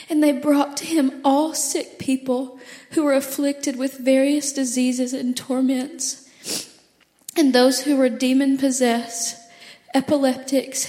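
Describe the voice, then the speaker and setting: A woman with an Alabama accent reading scripture aloud in a congregation, halting now and then to correct herself. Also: high voice, warm tone. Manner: reads haltingly, slips and self-corrects. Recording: distant voice in an echoey hall.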